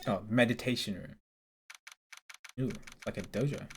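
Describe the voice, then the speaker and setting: A man's voice: medium pitch, measured pace, noisy background. A man streaming a game playthrough, making casual joking asides. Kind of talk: playthrough commentary.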